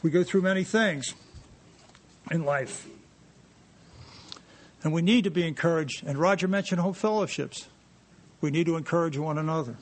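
A man preaches with a high, bright-sounding voice, moving between joking asides to his congregation and scripture read aloud. His delivery stays animated and conversational throughout the sermon. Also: normal speed, pauses often. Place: church sanctuary.

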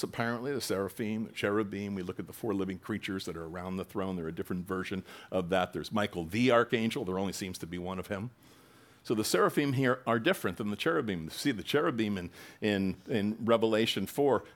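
A man preaching a sermon, reading scripture aloud with bursts of loud emphasis and casual asides to the congregation. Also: on the low side. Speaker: pastor.

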